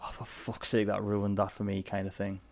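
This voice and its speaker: A man's voice: lowish voice, monotone, fairly quick, creaky, a little mellow, dry recording. A man hosting an interview show, asking questions in a casual, sweary way and agreeing often. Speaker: podcast host.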